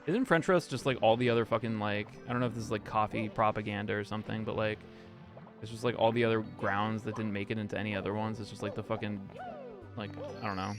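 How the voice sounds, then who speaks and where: A man's voice: on the low side, fairly even intonation, quick pace. A young man chatting casually on a live stream, rambling and swearing with lots of fillers. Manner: rambling, profane, frequent fillers and laughs. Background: music playing underneath.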